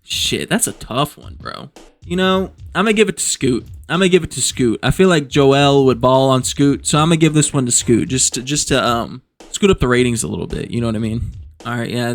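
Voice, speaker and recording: A man doing joking casual commentary as a vlogger, rambling, profane and amused at himself. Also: mid-range voice.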